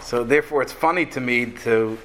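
A man telling it as a calm, wise old rabbi. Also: mid-range voice, fairly quick, a little hiss or hum, pitched below the performer's own voice, lightly acted. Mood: knowing.

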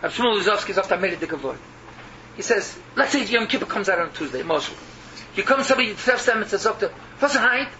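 On a muffled, noisy lo-fi recording, a rabbi preaches fast in a high, animated, pushed and bright voice. His English sermon is sprinkled with Yiddish and Hebrew terms, and he repeats himself emotionally, shifting between crying out and murmuring.

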